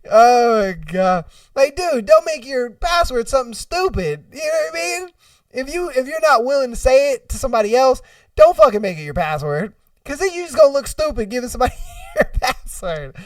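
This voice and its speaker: A man hosting a podcast, telling stories in an animated, profane way and laughing often, recorded dry and a little away from the mic. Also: very high-pitched, moderate pace, dry recording, recorded from a distance. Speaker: podcast host. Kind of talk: casual storytelling and reacting.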